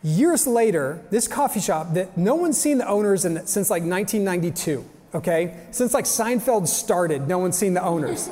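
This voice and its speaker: A man's voice: high-pitched, lively intonation, moderate pace, hardly any pauses, dark tone, a little hiss or hum. A young adult man giving an upbeat, joking motivational talk to a live audience, talking straight to the crowd. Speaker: motivational speaker. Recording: long hall reverb.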